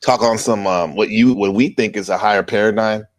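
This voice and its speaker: A man's voice: lowish voice, brisk, no echo. A man hosting a podcast in casual chat, loose and talkative, laughing often. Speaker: podcast host.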